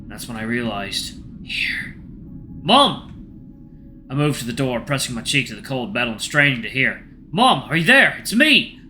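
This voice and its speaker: A gaming channel host reads a game's first-person narrative aloud, keeping his mid-range voice hushed and tense.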